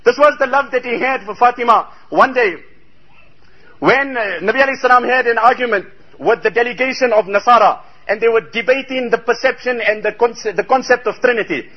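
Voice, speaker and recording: A man's voice: very high voice, brisk, husky, muffled recording. A man preaching a sermon, telling a story with emphatic, rhetorical exclamations.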